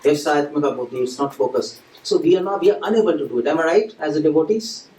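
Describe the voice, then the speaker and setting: A man's voice: fairly high pitch, lively intonation, fast talker, warm tone. Man lecturing in an echoey temple hall. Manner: conversational, asks the audience questions and acts out little scenes. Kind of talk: devotional lecture to a live audience. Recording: echoey hall, mic at a distance, faint ambient noise.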